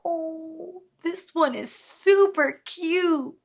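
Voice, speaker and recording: A woman teaching young children, speaking slowly and in a sing-song way, switching between English and Spanish. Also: very high voice, lively intonation. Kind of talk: bilingual kids' lesson.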